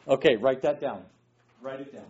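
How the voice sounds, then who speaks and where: A Bible study teacher leads an interactive lesson, speaking emphatically, quizzing his class and often checking in with "okay?". His medium-pitched voice has a darkish tone at a moderate pace. The recording sounds like an echoey room captured by a distant, dull mic.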